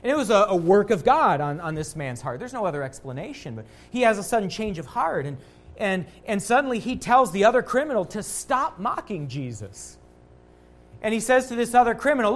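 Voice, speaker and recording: A man preaching a sermon as a pastor, earnest, rising louder on quotations and dropping low and quiet at key points. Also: sing-song, normal speed.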